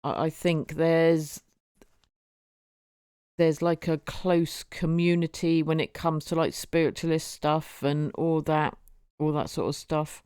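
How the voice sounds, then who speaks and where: Slow-talking woman chatting on stream. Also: deep voice, steady tone, mellow, clear, resonant tone, dry recording, studio quality. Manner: rambling, repeats words, laughs often. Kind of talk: casual live-stream chat.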